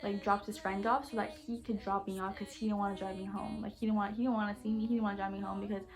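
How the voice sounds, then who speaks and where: A woman's voice: medium pitch, fast. Young woman telling a blunt storytime. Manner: animated, blunt, heavy use of "like" and "literally". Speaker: YouTuber. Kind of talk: casual storytime.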